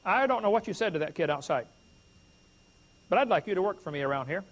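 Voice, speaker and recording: A man's voice: high voice, expressive, quick pace. Male preacher briefly voicing a nervous small-town dentist, coaxing, flustered.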